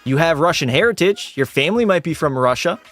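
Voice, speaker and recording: Faint music plays behind a fast-talking Canadian man streaming a game, with no echo on the recording. He reads and answers chat messages in a joking back-and-forth, his pitch jumping animatedly.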